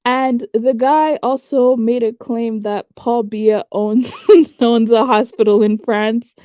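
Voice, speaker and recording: A woman hosts a reaction video in casual commentary, thinking aloud and weighing her words. Her voice is fairly high yet mellow and warm, with a dry, close sound. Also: steady tone, slow pace, no echo. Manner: conversational, thinks aloud with fillers and hedges.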